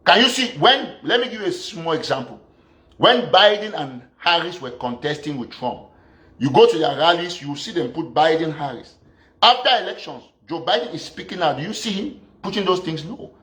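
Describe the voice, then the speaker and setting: High-voiced scolding man. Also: expressive, moderate pace, a bit bright. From Southern Cameroon. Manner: combative, fires rhetorical questions, scolding. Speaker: activist commentator. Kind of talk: political rant.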